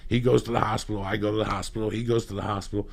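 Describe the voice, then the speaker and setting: Gravelly low-voiced man telling wild stories. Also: flat delivery, very fast. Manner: loud bursts of emphasis, rambling anecdotes. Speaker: podcast host. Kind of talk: profane comedic storytelling.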